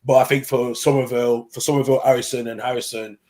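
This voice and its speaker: Male co-host, average pitch, meandering sentences full of restarts. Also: little pitch movement, fast talker, a little mellow. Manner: rambling, repeats words, trails off. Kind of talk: casual football watchalong chat.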